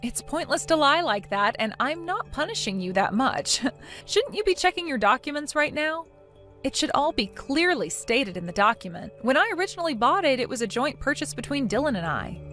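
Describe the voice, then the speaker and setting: A woman voicing a defiant daughter-in-law in a text-message story, sarcastic and mocking, with soft music behind. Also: sits high, very animated, normal speed. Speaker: narrator of the story.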